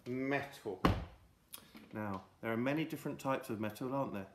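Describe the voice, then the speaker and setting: A man's voice: medium pitch, a little hiss or hum. Mock-grand man in an echoey room. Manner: mock-grand, silly, drawn-out delivery. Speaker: children's show host. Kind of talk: comic lesson for children. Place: home.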